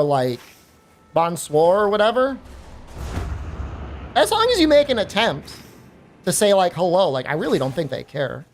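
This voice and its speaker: A woman streamer chatting casually while gaming, telling an animated story with lots of fillers and free swearing. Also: mid-range voice.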